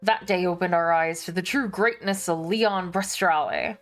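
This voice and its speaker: A woman voicing a crude, blustering pirate sailor man who talks in a rough pirate dialect and hurls insults. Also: lowish voice, wildly swooping pitch, slow pace, pushed and bright, soft background music, full character voice. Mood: gruff.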